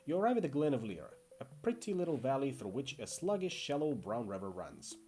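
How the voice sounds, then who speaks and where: A man reading an interactive fiction game aloud in expressive second-person narration, with occasional asides. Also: medium pitch, brisk, faint music behind. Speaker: game player and reader.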